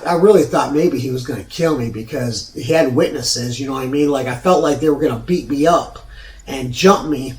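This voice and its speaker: Host, man in his forties, swearing storyteller, slightly high voice, recorded at a distance. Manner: profane, rambling, frequent restarts. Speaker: show host. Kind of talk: personal storytelling. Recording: roomy sound from off mic.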